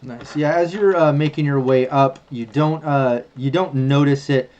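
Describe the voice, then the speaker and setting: A man's voice: mid-range voice, moderate pace, darkish tone, a little hiss or hum. A man narrating as game master of a tabletop game, describing scenes loosely with many fillers. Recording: slightly muffled audio.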